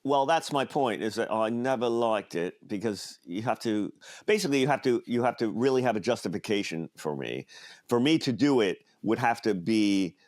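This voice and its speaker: A man's voice: fairly low pitch, expressive, normal speed, darkish tone, dry recording, studio quality. A male comedian co-hosting a podcast, chatting casually and telling rambling stories full of restarts. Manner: rambling storyteller, restarts and riffs on bits. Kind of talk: casual chat.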